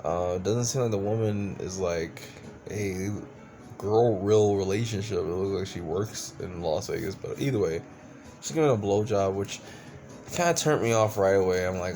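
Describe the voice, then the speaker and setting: A man's voice: low-pitched, normal speed, mellow, soft background music. A man reviewing a movie in a casual rant, exasperated and profane, rambling with lots of restarts. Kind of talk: casual ranting film review.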